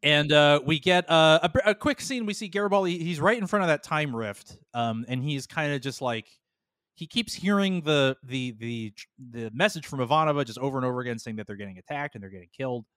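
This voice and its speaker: A man's voice: fairly high pitch, fairly bright tone, clear, resonant tone, dry recording, studio quality. A man hosting a podcast, casually recapping an episode in a rambling way with lots of fillers. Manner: rambling, many fillers, slips into quick character voices. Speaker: podcast host.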